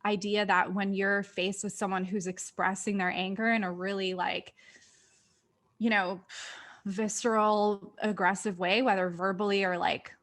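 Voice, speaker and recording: Woman co-host, reflective, thinks out loud, chatty filler-heavy delivery, mid-range pitch. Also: little pitch movement, unhurried. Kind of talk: casual conversation.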